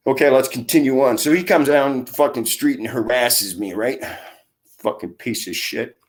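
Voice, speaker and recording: A man's voice: medium pitch, normal speed. A middle-aged man, ranting to camera in a rambling, heavily profane vlog full of insults. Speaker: vlogger. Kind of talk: angry profane rant to camera.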